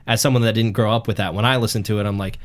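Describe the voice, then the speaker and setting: A man's voice: lowish voice, steady tone, racing. Rambling man on a casual podcast. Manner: rambling, joking, frequent restarts. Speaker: podcast co-host. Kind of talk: casual chat.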